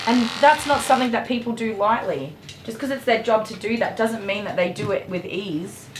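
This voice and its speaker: In an echoey room filled with electric clipper noise, a woman with a mid-range voice talks at normal speed. She's a dog groomer chatting casually on a live stream as she works, getting worked up, passionate and ranting, and swearing mildly.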